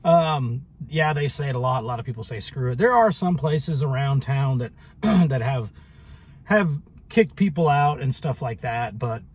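A man's voice: mid-range voice, animated, measured pace, slightly rough. A man telling a story in a casual vlog monologue, rambling and sarcastic, with many restarts. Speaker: vlogger.

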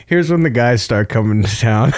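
A man's voice: medium pitch, expressive, moderate pace, no room sound. A man telling comic stories in casual chat, reading out dating-app messages and laughing often. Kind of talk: casual comedic storytelling.

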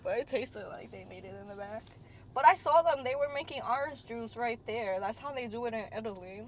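A woman's voice: a little high, expressive, fairly quick, a little hiss or hum. A young woman co-hosting a casual chat. She says "literally" and "like" a lot and laughs often. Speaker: co-host.

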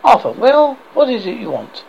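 Man voicing an earnest questing king, urgent, pleading, lively pitch, faint hiss. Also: normal speed, gravelly, highs cut off, full character voice.

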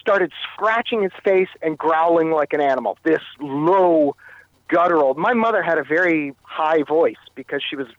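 A man from Canada, a guest in an interview, telling a personal story in a halting way, often repeating and restarting phrases. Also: fairly high pitch, dry recording, dull audio.

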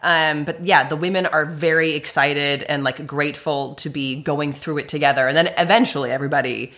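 A woman with a very low voice co-hosting a book podcast. She talks things through in a thoughtful, analytical way, with plenty of fillers. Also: fairly even intonation, fairly quick, a bit bright. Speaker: podcast co-host. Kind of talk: casual book discussion.

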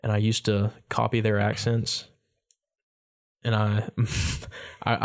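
A man's voice: on the low side, completely flat delivery, normal speed. A man co-hosting a podcast in a loose, joking chat, often breaking into silly voices. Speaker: podcast co-host. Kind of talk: casual chat.

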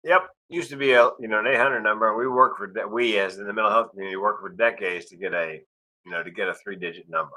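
A man's voice: lowish voice, fast, sharp tone, low-quality recording. A middle-aged man, a guest speaker, telling wry personal stories and acting out dialogue. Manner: wry storyteller who acts out dialogue. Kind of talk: storytelling interview.

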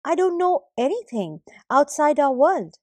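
A woman telling a story and voicing Mother Earth, a gentle mother who questions her son softly. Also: sits high, big pitch swings, measured pace, no echo, pitched above the performer's own voice. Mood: bewildered. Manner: soft, bewildered questioning.

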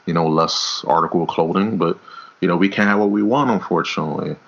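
Deep-voiced man rambling about wrestling. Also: fast, creaky. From New York. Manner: rambling, repeats words, swears. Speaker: podcast co-host. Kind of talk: casual wrestling talk. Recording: dull lo-fi audio.

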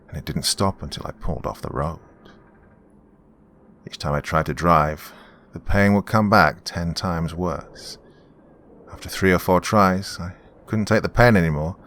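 A man narrating a horror story in a measured, grim storytelling manner. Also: sits low, fairly bright tone.

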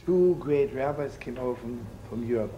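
A man's voice: medium pitch, normal speed, muffled recording. A man teaching as a rabbi in a folksy, jokey storytelling sermon, sprinkling in Yiddish and Hebrew words. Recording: noisy old recording.

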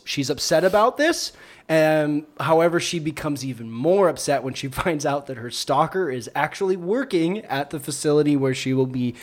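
A man with a fairly high voice co-hosts a casual movie podcast. He recaps plots with playful sarcasm. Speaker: podcast co-host.

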